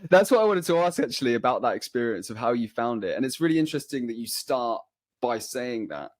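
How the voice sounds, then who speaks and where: A man's voice: mid-range voice, very animated, fast talker, no echo. A man hosting a podcast, chatting eagerly with rambling restarts and fillers. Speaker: podcast host. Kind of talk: casual conversation.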